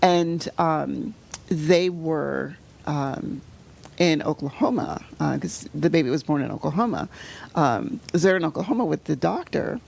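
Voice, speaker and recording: As an interview guest, a middle-aged woman recounts a painful personal story in a low, expressive, creaky voice. Her speech is halting, full of "you know" fillers and restarts, and at the hardest moments she drops to a soft near-whisper in this emotional conversation.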